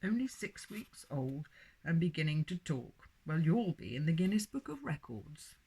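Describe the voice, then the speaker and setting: A woman reading a storybook, voicing a jolly, doubting male doctor who speaks loudly with dry asides. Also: sits low, big pitch swings, normal speed, slightly rough, full character voice. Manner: hearty and loud, dry asides.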